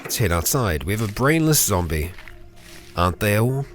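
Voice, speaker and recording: A man's voice: lowish voice, sing-song, normal speed, music in the background. A young man hosting a let's play, chatting casually through the game and talking to the characters on screen. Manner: chatty, talks to game characters, bursts into mock fury and laughter.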